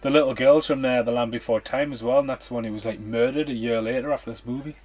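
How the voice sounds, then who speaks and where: A man hosts a film commentary podcast and reacts to the screen as he goes. His delivery is blunt and full of swearing, with an unpolished, offhand tone at a medium pitch. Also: fairly even intonation, fast, darkish tone, soft background music. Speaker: podcast host.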